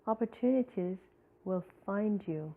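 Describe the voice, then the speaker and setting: A woman reading an inspirational book aloud in a slow, deliberate way. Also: medium pitch, lively intonation, vocal fry. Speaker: reader. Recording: tinny phone-like recording.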